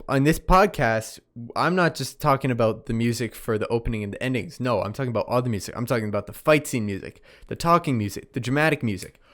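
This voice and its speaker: A young man talks through a casual solo podcast review in a loose, meandering way, often stopping to correct himself. He sounds tired and keeps yawning between points. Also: mid-range voice. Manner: rambling, self-correcting, easily distracted, yawning. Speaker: podcast host reviewing anime.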